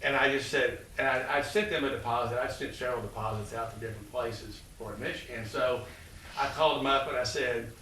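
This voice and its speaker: Telling rambling stories full of fillers to an audience, a college president in his sixties speaks a little fast, with fairly even intonation in a pushed, bright, mid-range voice. The sound is echoey and distant, with faint noise.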